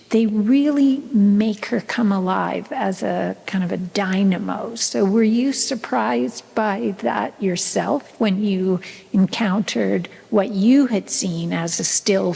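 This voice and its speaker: A woman moderating an onstage talk, asking measured, thoughtful questions. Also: medium pitch, creaky, darkish tone, husky. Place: public talk at a museum event. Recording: echoey hall reverb.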